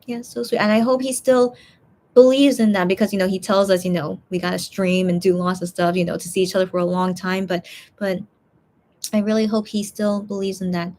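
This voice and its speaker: A woman hosts a casual livestream, reading fan comments aloud and rambling between them. Her voice sits in a middle pitch and sounds tired, with loose, chatty restarts. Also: level tone, fairly quick, darkish tone. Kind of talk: casual chat.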